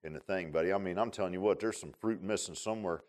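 A man preaching to his congregation in a relaxed, folksy way, leaning on homespun grammar and everyday asides. He tells a long personal story the way a country preacher might from the pulpit. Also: low-pitched, fast talker. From Northern Virginia. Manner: folksy storytelling with Southern-style colloquial grammar.

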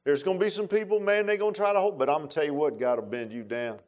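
A man's voice: a little high, steady tone, fast. A man preaching a sermon in a folksy, emphatic way, with many asides to the congregation. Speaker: pastor.

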